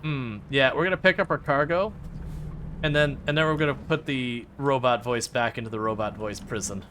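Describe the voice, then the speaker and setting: A man's voice: mid-range voice, normal speed, a bit bright, a little hiss or hum. Chatty man streaming a truck game. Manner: chatty, rambling, full of fillers, playfully mocks the game. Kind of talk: casual live-stream chat.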